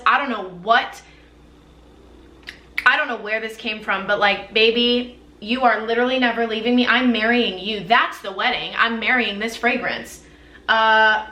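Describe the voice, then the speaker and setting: A woman's voice: a little high, bright, forceful tone, roomy sound. A young woman reviewing perfumes in a casual, effusive and playful way, with dramatic gushing. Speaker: beauty vlogger.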